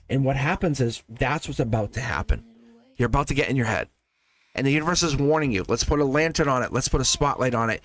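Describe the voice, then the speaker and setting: Lively, animated man reading tarot. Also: mid-range voice. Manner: animated and playful, laughs often, talks to viewers. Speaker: tarot reader and live stream host. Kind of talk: live tarot reading, casual chat.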